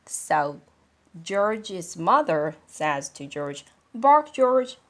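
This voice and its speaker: Lady teaching english through a kids story, really slow, chatty and animated. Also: lowish voice. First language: Korean. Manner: animated, chatty, laughs often. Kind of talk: storybook read-aloud with explanations.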